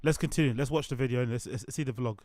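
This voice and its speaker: A man's voice: mid-range voice, quick pace, darkish tone, dry recording, studio quality. A man hosting a reaction stream, chatting casually and jokingly, swearing often and repeating himself. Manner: joking, profane, repeats phrases. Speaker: host reacting to videos.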